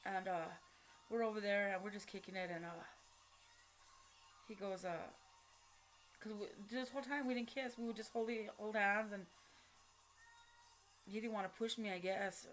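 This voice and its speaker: A woman telling her personal story in a halting, blunt way, with many fillers and restarts. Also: mid-range voice, a bit bright, soft background music. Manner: blunt, with casual swearing. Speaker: vlogger.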